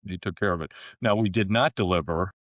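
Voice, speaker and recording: A man, a guest in an interview, telling a long anecdote in a relaxed conversational way and acting out the dialogue. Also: low-pitched, fairly quick, no echo. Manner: relaxed anecdote-teller who acts out quoted dialogue. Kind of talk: conversational storytelling.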